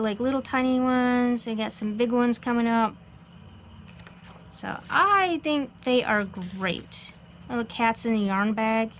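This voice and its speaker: A woman's voice: mid-range voice, slight background noise. Chatty woman showing off craft stamps. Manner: chatty, relaxed, many fillers and ums. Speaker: craft channel host. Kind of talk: casual show-and-tell vlog. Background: pressure washer outside.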